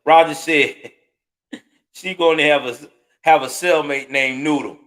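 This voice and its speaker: Host, male, high-pitched, profane and scornful ranting with sudden loud spikes. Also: fairly even intonation, measured pace. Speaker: commentary show host. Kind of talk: heated live reaction commentary.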